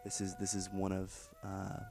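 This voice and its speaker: A man doing mock broadcast commentary as an event reporter, speaking in a deadpan, mock-formal announcer tone. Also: sits low, normal speed, over music.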